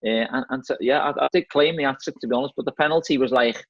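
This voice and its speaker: Fast-talking Scouse man, husky voice. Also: medium pitch, no echo. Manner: chatty, repeats words, says "mate" and "you know what I mean". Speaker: football manager guest. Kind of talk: casual storytelling chat. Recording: slightly dull, dry lo-fi audio.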